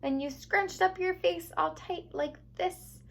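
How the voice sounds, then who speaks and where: A woman's voice: very high-pitched, takes it slowly, vocal fry, slight background noise, voice pushed up, heavily acted. A woman voicing a kind, soothing female teacher in a storybook.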